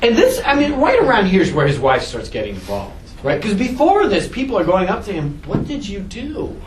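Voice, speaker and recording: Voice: medium pitch, wildly swooping pitch, brisk, far from the mic, a little hiss or hum. A teacher giving a casual, joking classroom lecture and asking the class questions. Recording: echoey classroom taped from afar.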